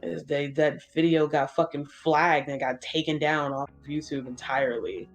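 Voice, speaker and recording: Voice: medium pitch, moderate pace. A gaming channel co-host chatting casually during a playthrough, rambling with lots of fillers and swearing freely. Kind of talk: casual chat while streaming a game.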